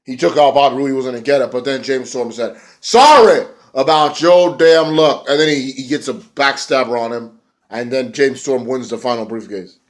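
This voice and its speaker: A man casually reviewing a wrestling show on camera, swearing freely and breaking into loud mocking voices when he quotes wrestlers. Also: medium pitch, fairly even intonation, a little fast. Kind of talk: casual video review, profane. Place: indoors, rain heard outside.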